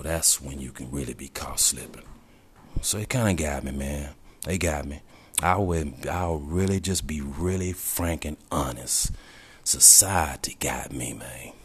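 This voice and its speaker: A man's voice: very deep voice, a bit bright, a little hiss or hum. A man talking reflectively in a personal video diary, emotional and holding back tears, often dropping to a whisper and leaning on the word "man". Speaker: vlogger.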